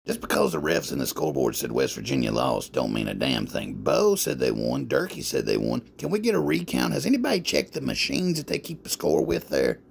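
A man with a gravelly, fry-heavy voice hosts a radio show. He delivers dry, sarcastic commentary in a lively, swooping pitch. A little hiss sits under the voice. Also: fairly quick, few pauses. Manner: sarcastic, deadpan mockery. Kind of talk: mocking commentary.

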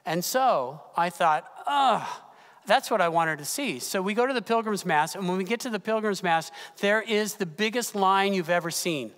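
Male pastor, high voice, animated storytelling sermon, long church reverb. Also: moderate pace. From California. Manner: animated, personal storytelling with gasps and fillers. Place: church sanctuary.

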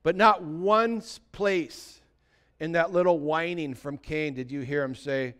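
A man's voice: fairly high pitch, unhurried, fairly bright tone, clear, resonant tone. A male pastor preaching a sermon in a conversational way, asking the congregation many rhetorical questions.

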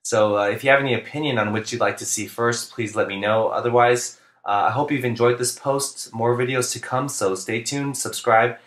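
A man, a basketball coach, narrating instructional plays in a flat, deliberate monotone, speaking clearly. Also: mid-range voice, reverberant. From United States. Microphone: home recording for narration.

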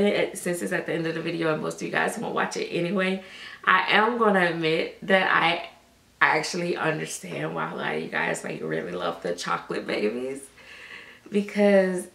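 A woman chatting casually to camera about her reborn dolls, rambling and soft-spoken. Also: on the low side. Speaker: reborn doll collector. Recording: echoey room.

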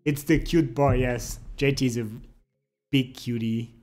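A man's voice: medium pitch, fairly even intonation, moderate pace, darkish tone, soft background music. A young adult man livestreaming, chatting casually with his viewers, reading their messages aloud and teasing them playfully.

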